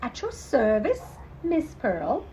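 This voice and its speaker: A woman's voice: sits high, huge pitch swings, slow, warm tone, a little hiss or hum, exaggerated voice. A woman voicing a nervous, fussy male animal record keeper with an English accent, polite and formal, in a storybook reading.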